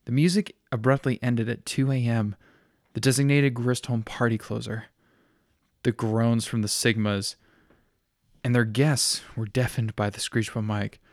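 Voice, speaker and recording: A man reading a story aloud in a steady, plain narrating style. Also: medium pitch, a little slow, dry recording, studio quality.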